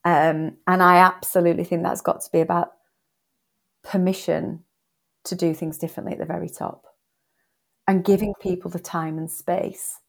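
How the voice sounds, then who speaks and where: A woman's voice: fairly low pitch, flat delivery, moderate pace, creaky, long pauses. A woman, an author and coaching guest on a podcast interview, answering earnestly and emphatically, repeating words for stress.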